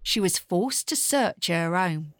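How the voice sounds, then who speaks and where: A woman playing a street-seller narrator who tells the story deliberately and grows exasperated with her partner. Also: lowish voice, expressive, a little hiss or hum.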